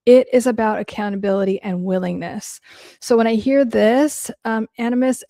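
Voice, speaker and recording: A woman's voice: mid-range voice, creaky, mellow, no echo, clean studio sound. A woman hosting a casual livestream Q&A and answering viewer questions in a chatty, blunt way, with lots of "like" and an odd curse for emphasis.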